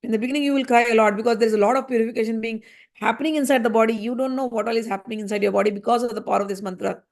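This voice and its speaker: High-voiced woman teaching. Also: fairly even intonation, very fast. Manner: earnest, repetitive, gently reassuring. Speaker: spiritual teacher. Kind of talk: spiritual discourse.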